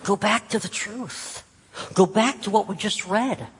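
God, gently calling a man back, as a preacher puts it on. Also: high voice, measured pace, slightly rough, pitched above the performer's own voice, full character voice. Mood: gently rebuking.

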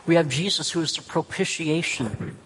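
A man's voice: a little high, normal speed, fairly bright tone, husky, long reverb tail, low-quality recording. A man preaching a sermon as pastor, earnest and emphatic, repeating key phrases.

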